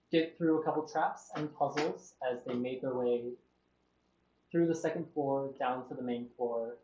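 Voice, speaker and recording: A man at middle pitch recaps the last tabletop session as game master, pausing often with ums and uhs. His voice comes through a muffled online call with a roomy echo around it. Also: darkish tone. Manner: halting, with many fillers.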